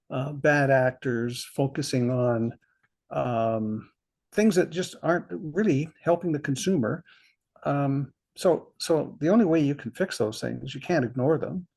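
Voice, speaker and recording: A man's voice: medium pitch, creaky, a little mellow. An older man telling stories from his career as a guest in a conversational interview, reflective and chuckling at himself. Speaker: interview guest, insurance veteran.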